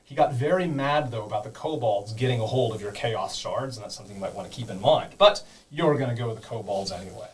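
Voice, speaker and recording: A man's voice: medium pitch, quick pace, few pauses, far from the mic, low-quality recording. A man narrating as game master, explaining things casually, with many fillers. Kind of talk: teaching and narrating a tabletop game.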